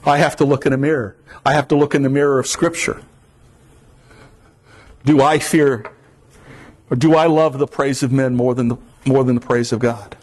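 A man's voice: mid-range voice, steady tone, normal speed, pauses often, a little mellow. A man from Florida preaching a sermon in an earnest, repetitive cadence.

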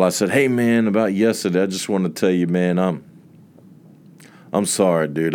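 A man's voice: low voice, a little mellow, clean tone. A man preaching a sermon that tells a personal testimony, with emphatic phrasing and many repeated words.

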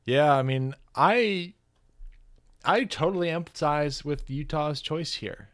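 A man co-hosting a casual movie review podcast, retelling scenes and quoting characters in a relaxed drawl. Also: on the high side, slow. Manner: chatty, quotes characters in a laid-back voice. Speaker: podcast co-host.

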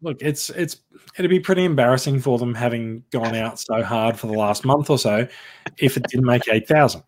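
A man's voice: medium pitch, normal speed, a little hiss or hum. Man explaining at length. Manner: explains at length with restarts, says "look" often. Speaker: podcast co-host. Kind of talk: casual chat.

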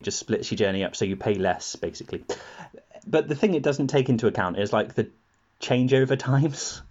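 A man's voice: medium pitch, lively intonation, fairly quick, darkish tone, lo-fi sound. A man on a podcast, telling rambling stories full of laughs and acted-out quotes, in casual chat.

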